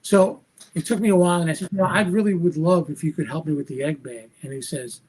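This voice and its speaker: On the high side and fast, the voice belongs to a magician guesting on a podcast. He tells a lively anecdote, acting out the people in it with shifting voices.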